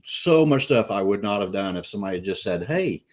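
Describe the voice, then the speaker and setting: A man with a rural southern Illinois country accent talks in an easygoing, unhurried way during a casual chat. His voice sits somewhat low. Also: lively intonation. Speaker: co-host.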